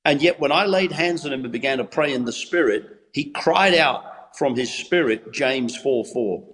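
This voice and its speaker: A man's voice: a little high, moderate pace, a bit bright, big-room sound, poor audio. A man, an English pastor and evangelist, giving a devotional on a Christian TV show in a preacherly, rhythmic style with repeated phrases. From England.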